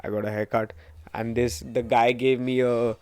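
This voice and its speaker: A man's voice: medium pitch, flat delivery, moderate pace, a little mellow, clean tone, dry recording. A young man in his twenties with an Indian English accent, hosting a casual solo podcast and telling stories in a rambling, profane, self-mocking way, with Hindi words mixed in. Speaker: podcast host.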